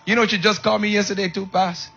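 A high, bright, slightly husky male preacher delivers a call-and-response sermon, shouting one moment and dropping to soft asides the next, often stumbling over repeated words. The recording is dull and lo-fi. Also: flat delivery, fast. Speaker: pastor.

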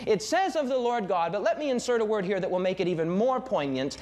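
A young man preaching a sermon with fervor, swinging his pitch and pace for emphasis. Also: expressive, fast talker, few pauses, darkish tone.

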